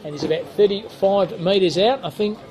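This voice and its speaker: A man's voice: sits high, normal speed, darkish tone. An Australian man calling a local football match live outdoors, joking and bantering between plays. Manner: jokey, chatty banter between calls. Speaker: football commentator.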